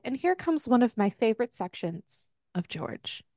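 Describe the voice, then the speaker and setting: Higher-pitched woman, amused co-host. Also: big pitch swings, unhurried, mellow, no room sound, clean studio sound. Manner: amused, chatty, laughs often. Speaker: podcast co-host. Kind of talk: casual book club chat.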